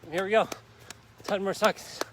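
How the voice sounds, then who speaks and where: A fairly high-voiced man leads a workout outdoors in a park, upbeat and pushing listeners on with countdowns. He is out of breath and sweating as he talks, with faint traffic behind him. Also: steady tone, moderate pace. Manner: upbeat, urging viewers on with countdowns. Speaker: fitness instructor. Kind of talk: live workout coaching.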